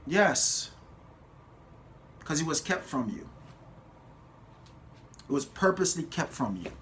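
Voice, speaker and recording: A man delivers an impassioned motivational speech in a forceful, bright voice that sits fairly high. He preaches, climbs to loud emphatic peaks and slows words down to drive a point home. A faint hiss sits under the recording. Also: sing-song. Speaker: motivational speaker.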